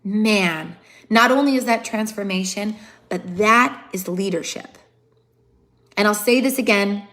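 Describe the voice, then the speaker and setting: Woman speaker, earnest motivational livestream talk on her phone, emphatic, leans on repeated lines, mid-pitched voice. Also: a little slow, a bit bright. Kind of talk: live-streamed motivational talk.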